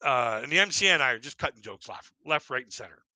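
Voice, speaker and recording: Talking fast and expressively in a mid-range voice, a Canadian comedian spins rambling, self-mocking stand-up stories for a live stream, laughing along at his own jokes. The tone is bright and forceful, with no room sound.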